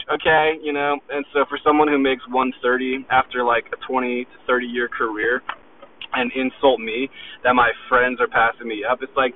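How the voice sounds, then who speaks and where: A man in his twenties rants about drive and success, swearing often and boasting in an intense, combative way. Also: on the high side. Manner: profane, intense, boastful, keeps asking "you know?". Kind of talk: motivational rant to camera. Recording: tinny phone-like audio with faint noise.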